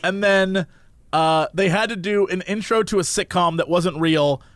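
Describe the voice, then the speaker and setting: A man's voice: high voice, normal speed, dry recording. A man co-hosting a podcast, casually chatting and acting out quotes as he tells stories. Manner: animated storytelling, acting out quotes. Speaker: podcast co-host. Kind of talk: casual chat.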